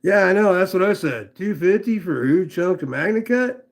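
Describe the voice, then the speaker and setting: A man's voice: high-pitched, lively intonation, moderate pace. A man reviewing knives on a live stream in casual, rambling chat, swearing freely and greeting viewers by name. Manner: rambling, profane, chatty with viewers. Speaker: knife reviewer livestreaming.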